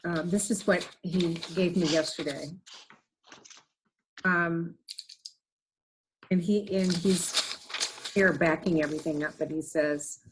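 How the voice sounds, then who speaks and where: Earnest woman gently relaying messages. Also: lowish voice, steady tone, slow, pauses often, background noise. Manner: earnest, gentle, relays words with many "he says". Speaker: medium. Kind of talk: casual chat, relaying messages.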